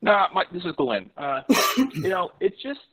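A male caller with a high voice talks haltingly, stumbling through restarts and fillers as he makes his point. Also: sing-song, bright, forceful tone, breathy edge, poor audio. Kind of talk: call-in talk.

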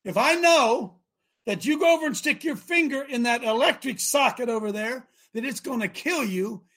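Fiery preaching man with a husky voice. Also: extremely high pitch, expressive, measured pace. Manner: fervent, preacherly, breaks into shouting; direct address to audience, rhetorical questions. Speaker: talk show host. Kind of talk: preachy live-show monologue.

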